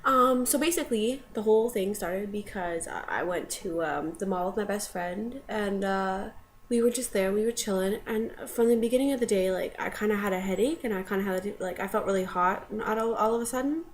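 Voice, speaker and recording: A woman's voice: mid-range voice, a little fast, slight background noise. A young woman casually telling a personal story to camera, rambling with many fillers. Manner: rambling, filler-heavy, with tearful laughing bursts in quotes.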